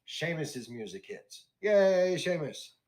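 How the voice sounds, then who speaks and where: A man's voice: on the high side, slow. A man casually recapping wrestling on a podcast, acting out the wrestlers' lines as he tells it. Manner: animated storytelling, acts out wrestlers' lines. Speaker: podcast host.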